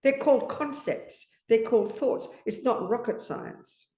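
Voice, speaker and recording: A woman's voice: a little high, animated, unhurried, dark tone. A woman Buddhist teacher giving an emphatic dharma talk, often asking her listeners rhetorical questions. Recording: echoey room.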